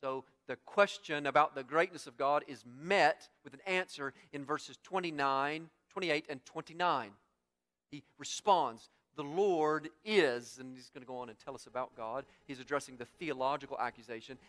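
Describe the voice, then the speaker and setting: A male pastor with a slightly higher voice preaches through a passage verse by verse. He swells to loud, emphatic peaks on key lines and falls back to a quiet, measured tone, repeating and rephrasing his points for weight. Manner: dynamic, swells loud on key points, drops soft after. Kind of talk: expository sermon.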